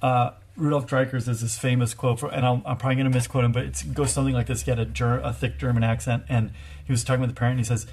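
A man in his thirties talks through parenting advice in a casual co-hosted chat. His delivery is earnest and thoughtful, often pausing and restarting his sentences as he works toward his point. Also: mid-range voice, little pitch movement, darkish tone. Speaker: co-host, parent.

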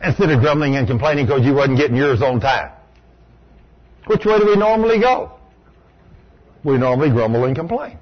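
A man preaching a sermon to a live audience, telling folksy stories and dropping into a low hushed voice for quoted lines. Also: lively intonation, fairly quick, long pauses, lo-fi sound. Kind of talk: sermon with storytelling.

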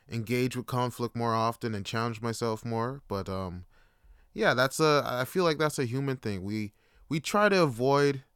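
A man hosting a solo podcast, rambling in a casual, profane, jokey way and slipping into quick impressions. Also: medium pitch, a bit bright, smooth, dry recording, studio quality. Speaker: podcast host.

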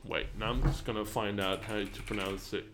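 A man's voice: fairly low pitch, fairly even intonation, brisk, noisy background. A young man with a British-leaning accent, hosting a solo podcast and rambling with many restarts and fillers. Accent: British-leaning English, non-native. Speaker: podcast host.

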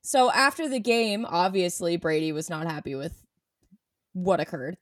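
A woman chatting casually as a podcast co-host, animated and sarcastic when she reads quotes aloud. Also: on the low side, normal speed, no room sound, clean studio sound. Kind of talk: casual chat.

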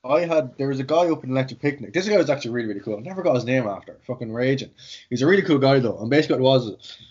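A man's voice: medium pitch, animated, rapid-fire, darkish tone, slightly rough. An Irish man, a jiu-jitsu instructor, telling rambling, sweary stories in casual chat, with "like" in every sentence. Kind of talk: casual podcast storytelling. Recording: dull lo-fi audio.

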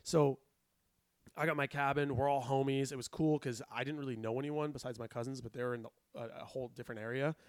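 A young man telling a story in casual chat, animated and laughing often as he acts out quotes. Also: mid-range voice, quick pace, no room sound, studio quality. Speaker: podcast co-host.

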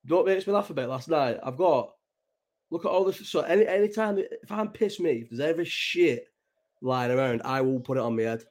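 A man's voice: on the high side, animated, a little fast, darkish tone. A young man from England hosting a late-night livestream, chatting in a loose, sweary, rambling way with many restarts. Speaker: livestream host. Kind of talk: casual chat.

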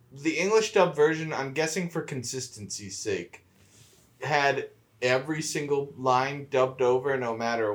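Man chatting loosely on a podcast. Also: medium pitch. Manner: relaxed, rambling, many "like" fillers. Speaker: podcast co-host. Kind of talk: casual chat.

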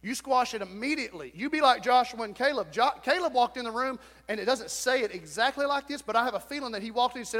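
Male pastor with a high voice, preaching emphatically in a church with long reverb. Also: expressive, fast, few pauses, a bit bright. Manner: emphatic preaching with repetition, acted-out quotes. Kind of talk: sermon. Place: church sanctuary.

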